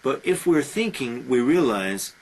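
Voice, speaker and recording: A male teacher with a husky voice at a middle pitch walks his students through an old epic. He talks conversationally, often pausing on filler sounds between phrases. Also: sing-song, low-quality recording. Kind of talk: classroom lecture retelling a story.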